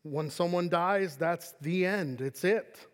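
A male pastor preaching a sermon earnestly, reading scripture slowly and dropping to quiet emphasis. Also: high-pitched, long reverb tail.

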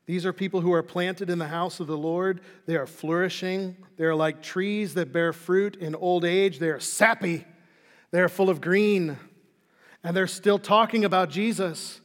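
A pastor with a fairly high voice preaches earnestly to his congregation at normal speed, his intonation fairly even. He climbs to emphatic peaks, then drops soft and quiet for closing lines, his voice ringing with a long hall reverb.

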